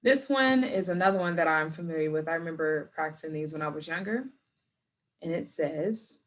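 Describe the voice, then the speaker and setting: Her pitch is fairly low and a bit bright as she records a lesson for students learning at home. Patient and encouraging, the teacher slows her speech to model each word clearly.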